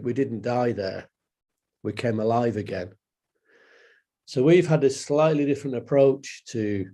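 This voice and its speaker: A man giving a guest talk over a video call, emotional and hesitant, with halting delivery. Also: medium pitch, mellow. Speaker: project director.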